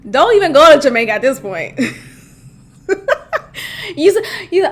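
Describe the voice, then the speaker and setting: Podcast host: thirty-year-old woman, high-pitched, animated and giggly in a loose comedic monologue. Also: normal speed, long pauses. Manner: laughs often, animated and chatty.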